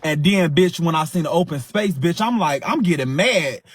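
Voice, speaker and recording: A man's voice: a little high, moderate pace, slightly rough, no room sound. A man hosting a livestream, telling a fight story in casual, profane slang and acting it out with sound effects. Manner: animated, sound-effect-heavy retelling. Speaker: livestream host.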